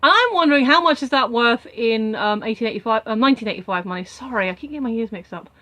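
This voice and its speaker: A woman's voice: a little high, lively intonation, quick pace, pushed and bright. A young woman casually recapping a film as a reviewer, rambling with many asides.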